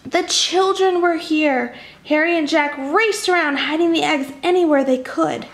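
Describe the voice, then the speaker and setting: A young woman reading a picture book aloud to children, with chatty, animated asides to her little listeners. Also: high voice, measured pace. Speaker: children's storybook reader.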